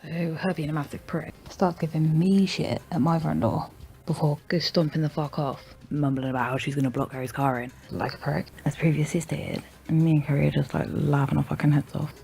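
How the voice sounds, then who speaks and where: A woman's voice: low-pitched, fairly even intonation, fairly quick, gravelly, warm tone. A woman telling a true story to viewers in a brash, sweary, mocking way. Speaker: story narrator.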